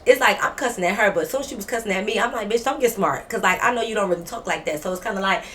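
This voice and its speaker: A woman vlogger telling a story, animated, blunt and full of profanity. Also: mid-range voice, very fast, a little hiss or hum. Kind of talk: storytime vlog.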